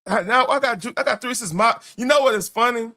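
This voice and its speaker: A man hosting a late-night livestream talks bluntly and loosely in slang, often restarting his sentences. His voice sounds tired and worn, though its tone stays bright. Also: extremely high pitch, fast. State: tired, voice wearing out. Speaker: livestream host.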